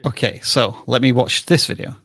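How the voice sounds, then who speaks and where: A man's voice: medium pitch, normal speed, a bit bright. A man co-hosting a live stream in casual chat, playful and thinking aloud. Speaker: livestream co-host.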